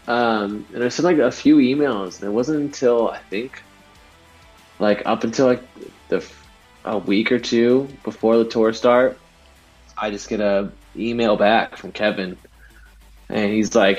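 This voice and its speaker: A man in his thirties from Southern California, a guest DJ telling a story in casual chat, animated and slangy, acting out what he once said. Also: fairly low pitch, normal speed. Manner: animated, slangy, acts out his own past lines. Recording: dull lo-fi podcast audio with faint music.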